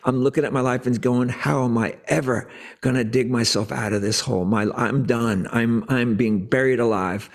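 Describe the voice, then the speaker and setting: An older American man on a video call, telling an animated story, acting out voices and sometimes dropping to a whisper. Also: medium pitch, normal speed, creaky. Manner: animated, acts out dialogue, drops to whispers. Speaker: guest musician. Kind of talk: storytelling interview.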